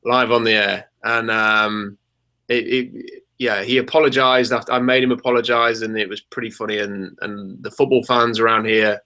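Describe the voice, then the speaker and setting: Guy chatting on a sports podcast, bright voice, lots of ums. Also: lowish voice, little pitch movement, moderate pace. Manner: chatty, hesitant with many ums. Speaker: podcast co-host. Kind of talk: casual podcast chat.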